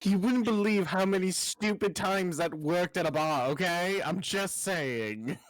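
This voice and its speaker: A woman's voice: on the low side, measured pace, no room sound. A woman player joking casually at a game table, mocking herself.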